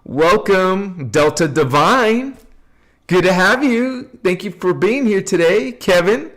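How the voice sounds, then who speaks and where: Male livestream host, unhurried and playful, chatty and giggly, greeting viewers one by one. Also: sits high. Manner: playful, laughs often, greets viewers by name; relaxed and unhurried. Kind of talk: casual spiritual livestream chat.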